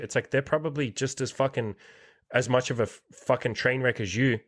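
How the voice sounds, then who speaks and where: A man's voice: medium pitch, a little fast, fairly bright tone, breathy edge. A man hosts a podcast interview, speaking bluntly in a loose, conversational way. He swears often and drives his points home like a motivational coach. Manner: blunt, heavy swearing, pep-talk energy. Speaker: podcast host and dating coach. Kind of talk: casual interview chat.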